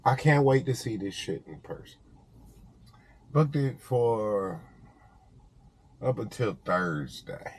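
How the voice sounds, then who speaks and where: A man's voice: medium pitch, slow, long pauses, husky. A man talking casually to camera in a vlog, telling stories with lots of swearing and laughter. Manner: animated storytelling, profane, laughs often. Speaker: vlogger.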